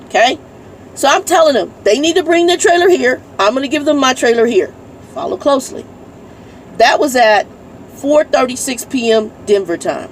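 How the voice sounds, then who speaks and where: Parked in her truck cab, a woman trucker vents bluntly in a casual vlog, reading her messages out loud with irritation and swearing. Her voice is high, gravelly and animated at a normal speed, with a faint hiss or hum in the recording.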